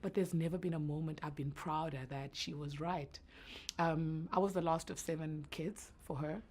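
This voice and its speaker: A woman in her thirties with a naturally deep voice, talking earnestly and reflectively as a guest in an interview. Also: steady tone, moderate pace, a little mellow. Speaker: entrepreneur guest. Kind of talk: emotional interview answers.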